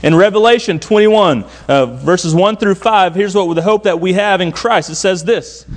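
A young adult pastor preaching a sermon with earnest repetition, rising on some lines and dropping low and soft on others. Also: male voice, normal speed, hardly any pauses. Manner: earnest preaching with repetition, swinging between raised and hushed lines.

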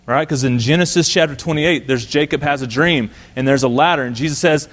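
A man preaching a sermon, voice sitting a little high for a man. He is lively and conversational. He voices the Bible characters as he retells their exchanges. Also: fairly quick. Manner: animated, acts out the Bible characters' lines in conversational voice. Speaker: pastor.

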